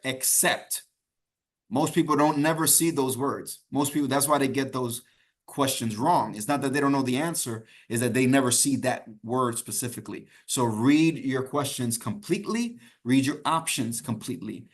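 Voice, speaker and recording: A man's voice: medium pitch, normal speed. Man teaching an exam prep class. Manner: repetitive, keeps checking in with "okay?"; encouraging and conversational. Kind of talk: live online class teaching.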